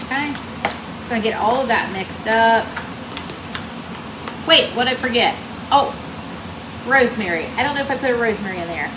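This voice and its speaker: A woman chatting folksily to viewers while cooking in her home kitchen. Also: on the high side. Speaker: cooking vlogger. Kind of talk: casual cooking chat. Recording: roomy kitchen with air-conditioner hum. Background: central air running.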